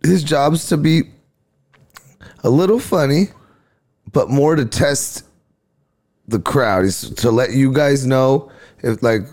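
A man's voice: mid-range voice, slow pace, long pauses. A man, a stand-up comedian, chatting casually on a podcast and animatedly acting out his exchanges with crowds. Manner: animated storytelling, acts out crowd exchanges, laughs often.

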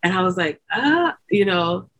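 Woman telling a lively, laugh-filled story. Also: measured pace. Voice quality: expressive, acts out quoted people with high, loud bursts. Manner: chatty, laughing often, many fillers like "like" and "you know". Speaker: podcast guest. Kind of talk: animated birth story told in casual chat.

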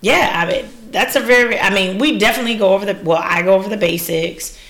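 A woman who runs wine classes, talking on a podcast in a lively, laughing, exclamatory way. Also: medium pitch, fast talker, a little hiss or hum. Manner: animated, laughing, exclamatory storyteller. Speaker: wine educator and business owner. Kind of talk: casual podcast interview.

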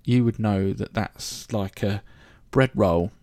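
A man from London, with a London accent, delivers a casual solo podcast monologue in a chatty, joking, rambling way. His voice is fairly low and dark in tone, and he speaks slowly. The recording has no room sound.

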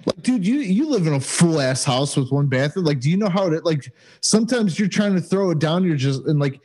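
A man's voice: a little high, lively intonation, fairly quick, a little mellow, husky. Blunt, profane podcast co-host man. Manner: blunt, profane, laid-back. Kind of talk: casual chat.

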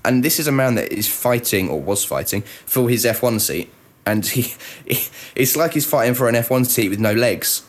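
A man's voice: medium pitch, lively intonation, moderate pace, hardly any pauses. A man co-hosting a podcast in casual chat, wry and self-deprecating, often laughing as he talks. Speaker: podcast co-host.

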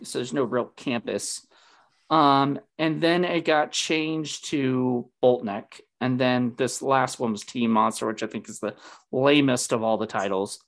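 A man's voice: medium pitch, measured pace. A man hosting a casual movie discussion, rambling with many fillers and restarts. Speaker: podcast host.

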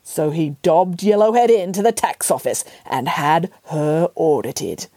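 A woman's voice: sits low, measured pace, warm tone, dry recording. A woman voicing a mischievous grandmother who tells a wicked bedtime tale with theatrical relish. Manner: playful, theatrical, relishing gory details. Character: cheeky storytelling grandmother, mischievous.

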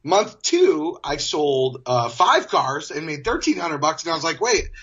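Husky, animated storytelling man. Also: measured pace, lo-fi sound. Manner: animated, laughs and jumps pitch while telling stories. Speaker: interview guest. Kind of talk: casual storytelling.

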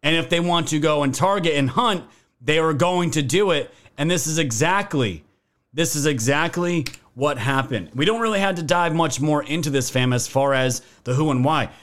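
A man's voice: a little high, normal speed, fairly bright tone. A man hosting a political commentary video, ranting in a heated, profane way and calling his viewers fam.

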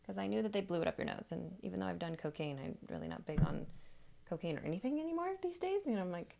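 A woman with a slightly low voice tells a personal story as a podcast guest. She talks in a chatty, casual way, with lots of "like" and the odd laugh. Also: big pitch swings, fast talker, gravelly, mellow.

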